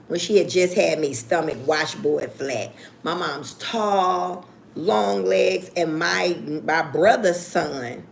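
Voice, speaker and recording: A woman chats on her livestream, telling stories to her viewers in a blunt, cussing, humorous way. Her voice sits a little low and has a gravelly, fry-heavy texture. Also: slight background noise. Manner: blunt, profane, laughing storyteller; talks straight to viewers. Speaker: livestream host. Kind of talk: casual storytelling chat.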